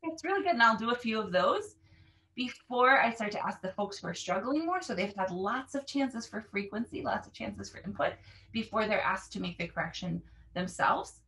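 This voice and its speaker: A woman's voice: mid-range voice, moderate pace, distant mic. Woman explaining her teaching, slightly off-mic. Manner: animated, demonstrates phrases with exaggerated intonation. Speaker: language teacher.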